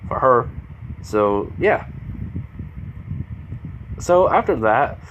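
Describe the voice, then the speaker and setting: A man's voice: mid-range voice, very animated, drawn-out words, a bit bright, dull audio, a little hiss or hum. A man improvising a fan story aloud in a rambling way, full of fillers and self-corrections.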